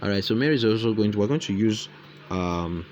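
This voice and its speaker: A man's voice: on the low side, expressive, quick pace, a little mellow, a little hiss or hum. A man hosting a casual screen-recorded tutorial, thinking aloud and repeating his phrases as he dictates lines and punctuation. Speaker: tutorial host.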